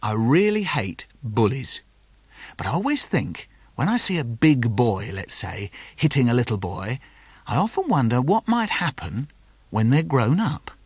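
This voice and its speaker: A man reading his own children's poems for a studio cassette in an animated, comic way, slipping into lively character voices. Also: mid-range voice, measured pace, husky, dry recording. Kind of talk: playful poetry reading for children.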